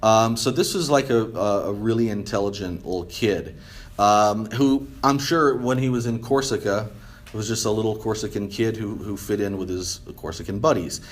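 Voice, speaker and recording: A man's voice: lowish voice, moderate pace. A man giving a casual history lecture, rambling with many fillers and often asking "right?". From United States. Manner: rambling, many ums and restarts, asks "right?". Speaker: history teacher.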